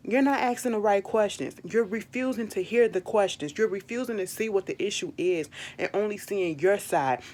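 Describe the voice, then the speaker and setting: Young woman, heated recap rant, pitch jumping way up on retorts. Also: moderate pace, few pauses. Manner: animated, exasperated, swears freely, jumps into high quoted retorts. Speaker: reality TV recap vlogger. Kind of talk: casual opinionated recap.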